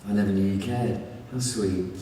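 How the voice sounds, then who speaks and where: A man voicing a dry, teasing male bandmate, delivering deadpan, sardonic quips during a book reading. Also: fairly low pitch, moderate pace, slight background noise, lightly acted. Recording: echoey hall from far off, faint ambience.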